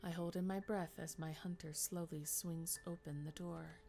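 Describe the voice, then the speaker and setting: A woman streamer reading a visual novel aloud in a hushed, measured, dramatic way. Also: on the low side, fairly even intonation, creaky, soft background music. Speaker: game streamer.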